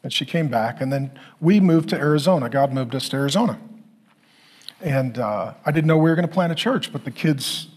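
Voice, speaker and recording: A pastor in his forties preaching a sermon, telling a personal story and acting out the dialogue with sudden loud, high bursts. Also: animated, fairly quick, husky. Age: 40s.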